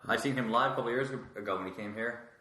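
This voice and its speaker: A young man, hosting a podcast with quick, eager, joking chat. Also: medium pitch, sharp tone. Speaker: podcast host, comedian. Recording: echoey room.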